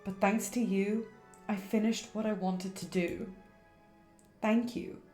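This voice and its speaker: A woman voicing a gentle, guilt-ridden teenage girl ghost from a game, in soft, confessional tones. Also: mid-range voice, fairly even intonation, slow, roomy sound, faint music behind, lightly acted. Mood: sorrowful. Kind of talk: reading game dialogue aloud on stream.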